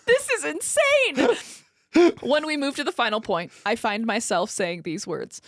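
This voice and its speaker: A woman hosting a casual podcast, reading a listener's story aloud in an animated way and laughing easily. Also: mid-range voice, moderate pace, no echo.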